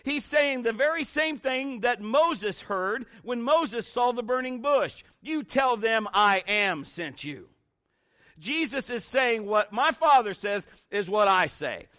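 A middle-aged man preaching a sermon in an animated, conversational way, with big swings in pitch. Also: takes it slowly.

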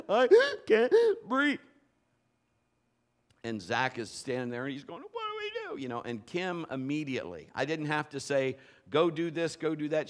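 A middle-aged male preacher telling a dramatic story in a sermon and acting out the voices and sounds in it. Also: medium pitch. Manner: animated, acts out voices and sounds.

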